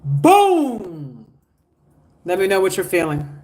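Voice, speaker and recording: Guy doing a spiritual live stream, preachy, reads chat out loud, keeps pushing likes and donations. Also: sits high, wildly swooping pitch, slow pace. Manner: preachy, urging viewers to like and donate. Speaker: spiritual teacher. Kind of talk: livestream spiritual talk reading viewer comments.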